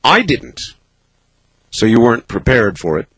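A man hosting a late-night call-in radio show from a studio, musing and halting as he thinks aloud. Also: medium pitch, big pitch swings, a bit bright, breathy edge, no echo, rough recording. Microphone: studio microphone.

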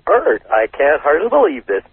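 A middle-aged Canadian man from British Columbia calling in to a radio show, chatty and rambling and quick to laugh. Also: on the high side, huge pitch swings, slight background noise. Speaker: caller. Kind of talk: phone-in chat. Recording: tinny phone line over radio.

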